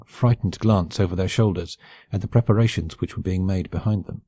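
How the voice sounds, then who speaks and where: A man narrating a classic novel as an audiobook in a measured, even storytelling delivery. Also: on the low side, no echo, clean studio sound.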